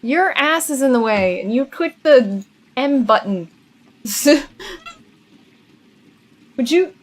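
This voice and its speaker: A woman's voice: high-pitched, lively intonation, takes it slowly. A woman streaming a video game live, chatting casually, laughing often and scolding her cat between moves. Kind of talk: casual live-stream chat while gaming.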